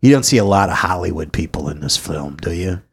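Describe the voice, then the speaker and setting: A man co-hosting a podcast in loose, rambling conversation. His voice sits low with a gravelly, husky grain. He drifts through his points with frequent fillers. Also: expressive, brisk. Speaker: podcast co-host. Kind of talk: casual chat.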